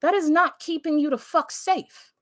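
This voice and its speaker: A woman's voice: sits high, moderate pace, dry recording, clean studio sound. A woman hosting a live stream, talking bluntly and emphatically with heavy swearing in casual commentary. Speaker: livestream host.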